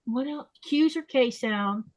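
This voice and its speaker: A woman hosting a casual podcast chat, talking easily and slowing down to spell out how words are said. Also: on the high side. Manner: chatty, explains pronunciation slowly and repeats words. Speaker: podcast host.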